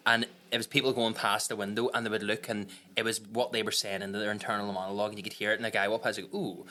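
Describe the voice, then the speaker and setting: A man in his late thirties, a podcast guest telling stories in casual chat, swearing freely and laughing loudly. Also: lowish voice, flat delivery, fast.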